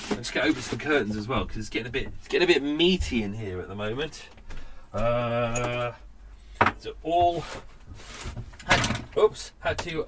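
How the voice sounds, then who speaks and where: Bloke rambling on his podcast from a canal boat, pitch bouncing all over, chatty and self-mocking. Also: a bit bright, a little hiss or hum. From England. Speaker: podcast host. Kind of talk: casual rambling chat. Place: moored canal boat cabin.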